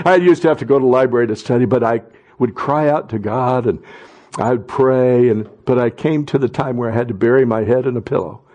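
A middle-aged man preaching a sermon as pastor, talking conversationally and then rising to loud impassioned cries. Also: mid-range voice, brisk, lo-fi sound.

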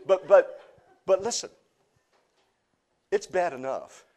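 A middle-aged male pastor preaching to a congregation, swinging from soft, hushed teaching to loud, impassioned outbursts and joking with the crowd. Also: mid-range voice. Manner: jokes and teases the congregation. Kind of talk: sermon. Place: church before a live congregation.

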